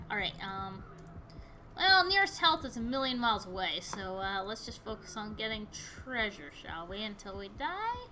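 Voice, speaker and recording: A woman giving chatty, excitable commentary while playing a video game, yelping at what happens on screen. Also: mid-range voice, moderate pace, slight background noise. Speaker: gaming video host. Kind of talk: casual gameplay commentary.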